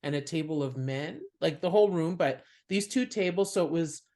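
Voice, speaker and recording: A woman's voice: deep voice, moderate pace. A woman comedian, a guest on a podcast, telling stories in casual chat and laughing often. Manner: animated storyteller, laughs often.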